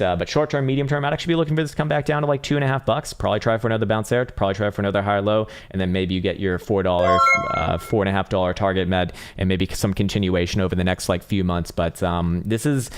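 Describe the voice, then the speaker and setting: Male live-stream market host with a lowish voice, casual, rambling and profane. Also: noisy background.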